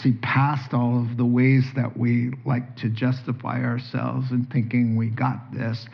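Animated male preacher, dull lo-fi sound. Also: mid-range voice, unhurried, creaky. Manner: animated storytelling, acts out dialogue. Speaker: pastor. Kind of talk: sermon.

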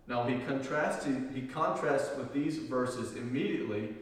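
A male pastor giving a sermon, reading scripture slowly and with emphasis, then explaining it in relaxed, conversational asides. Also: mid-range voice. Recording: echoey hall, picked up from a distance.

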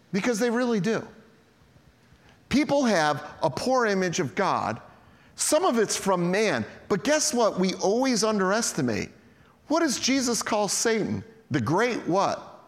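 A middle-aged man, a pastor preaching a sermon, telling stories to the congregation in a lively way and often calling them guys. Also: sits high, in a large hall. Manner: storytelling, animated, addresses the congregation as guys.

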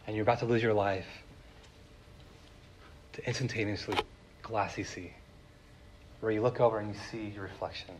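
A man's voice: lowish voice, flat delivery, normal speed, pauses often, slight background noise. A man preaching a sermon, retelling a story in a casual, chatty way with many fillers. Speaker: pastor.

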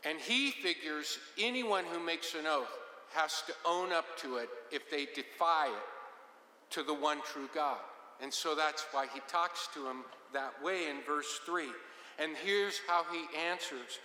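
Male Bible teacher, bright tense voice, casual joking delivery, hall reverb. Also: on the high side, measured pace. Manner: conversational, joking asides. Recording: roomy with long reverb.

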